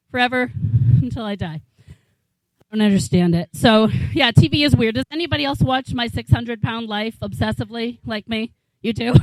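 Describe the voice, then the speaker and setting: A woman with a slightly high voice, a comic in her forties from New England, USA, does a rambling, incredulous stand-up set in a small bar and swears freely. The recording is rough, with no echo.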